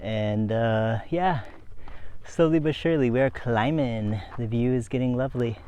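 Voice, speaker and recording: This cycling vlogger, pedaling uphill outdoors with his phone camera in hand, keeps up a casual, chatty commentary, laughing and breathless. His medium-pitched voice is mellow and moderately paced, and there's slight background noise.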